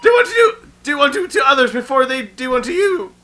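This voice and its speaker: A man voicing an overeager young police officer who shouts and barks "sir" after everything, in a video game playthrough. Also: very high-pitched, big pitch swings, a little fast, heavily acted. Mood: frantic. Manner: shouting, barks 'sir' constantly.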